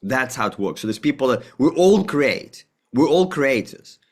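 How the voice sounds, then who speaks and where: A man of ordinary pitch talks in a loose, rambling way as an interview guest, piling up restarts and casual swearing. He slips into quick acted-out exchanges, pushing his voice up for the other characters. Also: very animated. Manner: rambling and emphatic, with frequent profanity; acts out dialogue with a jumpy, higher voice. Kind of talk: conversational interview, spiritual talk.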